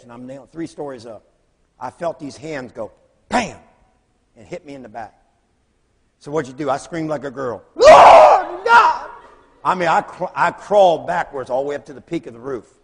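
A man preaching, telling lively stories and acting out the voices of the people in them. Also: a little high, slightly rough. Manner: animated storyteller, acts out voices in quotes. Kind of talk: storytelling sermon. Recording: long hall reverb.

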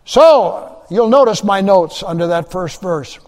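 A man delivers an emphatic sermon, repeating key phrases and swinging between hushed and loud. His voice sits high for a man. The sound rings with the long reverb of a large sanctuary. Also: animated, a little slow. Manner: emphatic preaching, repeats phrases, rising and dropping loudness. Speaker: pastor.

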